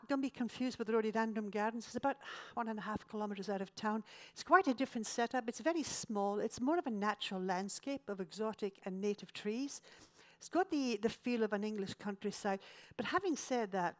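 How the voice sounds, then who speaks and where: A woman from Scotland, giving an illustrated travel lecture with dry, self-mocking jokes. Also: medium pitch.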